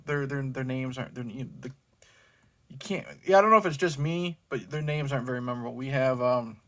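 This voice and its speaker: A man's voice: medium pitch, fairly bright tone. Rambling casual man reviewing a movie. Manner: rambling, many fillers and self-corrections. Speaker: movie review channel host.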